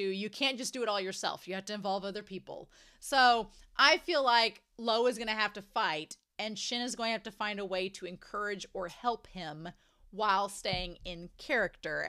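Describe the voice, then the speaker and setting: A woman giving a casual, excited reaction commentary on an anime episode, chatty and laughing often. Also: mid-range voice.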